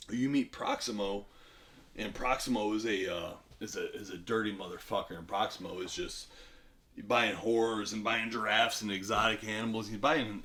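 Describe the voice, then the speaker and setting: Low-voiced man profanely recapping a movie. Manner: rambling, profane, acts out lines in shouty bursts. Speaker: podcast guest retelling a film.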